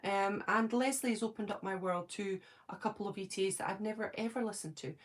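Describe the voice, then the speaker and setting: A woman's voice: mid-range voice, a little fast. A Scottish woman chatting casually on a live stream from her home, answering viewers' comments by name and thinking aloud. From Scotland.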